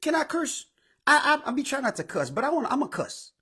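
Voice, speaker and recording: High, bright-voiced man ranting. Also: fast talker. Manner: animated, profane, bursts into shouting. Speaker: show host. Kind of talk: ranting advice monologue.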